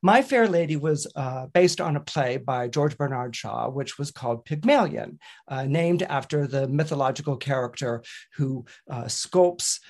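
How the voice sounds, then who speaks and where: A middle-aged man, an astrologer, explaining planetary aspects in a lively lecturing manner, rising in pitch on key words. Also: a little slow.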